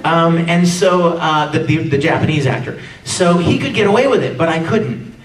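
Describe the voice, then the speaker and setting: Animated man at a convention panel. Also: fairly high pitch, moderate pace. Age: adult, no longer sounds young. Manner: animated, acts out character lines and yells. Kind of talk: live convention panel talk. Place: large convention hall with audience. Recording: echoey hall taped from far off with crowd.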